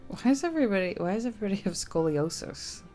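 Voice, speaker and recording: A woman's voice: mid-range voice, sing-song, quick pace, warm tone, faint music behind. A woman co-hosting a casual let's-play, offering sarcastic, joking commentary. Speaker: co-host of a gaming channel.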